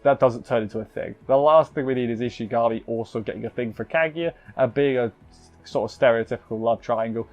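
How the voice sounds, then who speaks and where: A man's voice: medium pitch, a little mellow, muffled recording. A man casually recapping an anime episode as a reviewer, rambling with lots of fillers and self-corrections.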